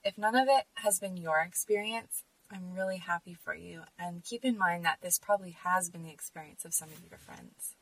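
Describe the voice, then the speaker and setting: A woman's voice: on the low side, normal speed, few pauses, fairly bright tone, no echo, distant mic, poor audio. A woman hosting a podcast, speaking in an earnest, emphatic personal monologue. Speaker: podcast host.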